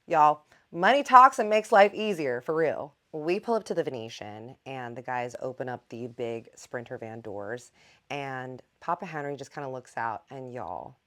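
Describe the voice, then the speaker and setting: A woman with a low, deep voice tells a story to her viewers. She is chatty and animated and talks straight to them. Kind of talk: casual storytime vlog.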